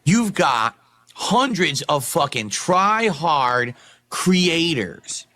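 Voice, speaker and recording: Exasperated man ranting, higher voice. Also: sing-song, extremely slow, pushed and bright. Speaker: video creator. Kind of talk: ranting video commentary.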